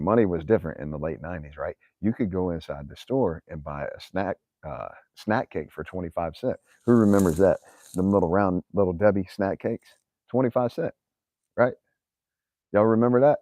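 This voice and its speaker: Deep-voiced man telling a story. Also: warm tone, dry recording, dull audio. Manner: profane, chatty, addresses viewers directly. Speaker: channel host. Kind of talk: casual storytelling to viewers.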